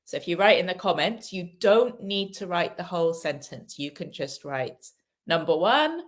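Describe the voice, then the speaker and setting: A woman's voice: on the low side, animated, moderate pace. A woman from Wales teaching an English lesson in a live online class, patient and encouraging, repeating key phrases.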